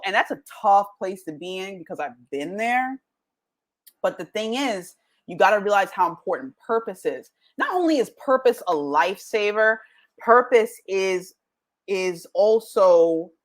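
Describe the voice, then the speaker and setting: A woman hosting her own podcast, giving a jokey motivational talk and acting out quoted voices as she goes. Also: mid-range voice. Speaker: podcast host.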